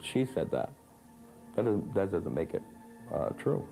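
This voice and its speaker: Deep gravelly man, blunt and skeptical. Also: big pitch swings, measured pace, mellow, poor audio. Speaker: interviewee. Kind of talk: documentary interview. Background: music bed.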